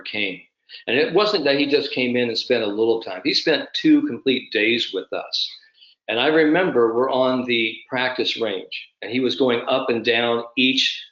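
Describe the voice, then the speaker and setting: A man in his fifties, a sport psychologist, telling an anecdote with animated storytelling during an online summit. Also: medium pitch, roomy sound, lo-fi sound. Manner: animated anecdotal storyteller, addresses the host by name.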